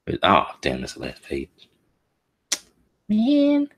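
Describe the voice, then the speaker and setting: A man with an extremely deep, low voice gives an emotional, slang-heavy live reaction as he reads through a comic chapter. He mutters his thoughts to himself in a loose, casual way. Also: moderate pace. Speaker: streamer reacting to a manga chapter.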